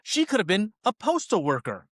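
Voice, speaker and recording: High-pitched male co-host, ranting and exasperated, dry close mic; casual podcast review. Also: huge pitch swings, brisk, fairly bright tone, dry recording. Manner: ranting, exasperated, quotes lines in mocking voices. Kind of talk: casual movie review chat.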